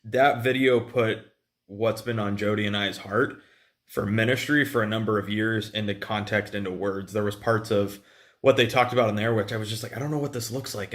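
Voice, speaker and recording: Male preacher, easygoing church sermon, slightly low voice, rambly. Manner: conversational, lots of fillers and restarts. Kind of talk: casual sermon.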